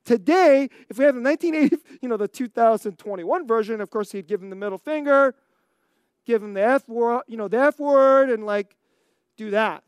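American preacher telling a story, acts it all out, laughs a lot, smooth voice. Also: mid-range voice, brisk, dry recording, studio quality. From United States. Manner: animated, acts out scenes, laughs often. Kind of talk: storytelling sermon.

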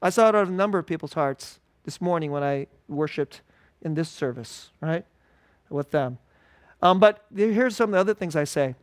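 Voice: mid-range voice, lively intonation, normal speed, dry recording, studio quality. A pastor giving an informal, conversational sermon at a church service, repeating key phrases and chuckling often.

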